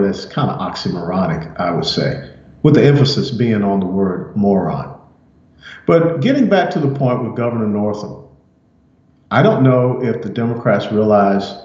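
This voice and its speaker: Man giving measured, emphatic political commentary. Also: on the low side, darkish tone, roomy sound, dull audio. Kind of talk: scripted opinion commentary.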